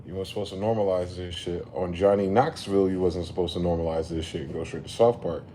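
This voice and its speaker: A man ranting in a late-night commentary vlog, animated and profane, repeatedly telling listeners to slow down. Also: low voice, slight background noise. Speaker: commentary vlogger. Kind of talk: late-night rant to camera.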